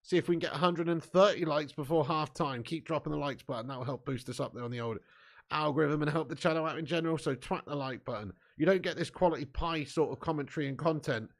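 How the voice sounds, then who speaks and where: The man's voice leans high and has a creaky quality. He's streaming a football watch-along live, joking with viewers in sweary, laddish fashion, laughing often as he chats and comments on the game.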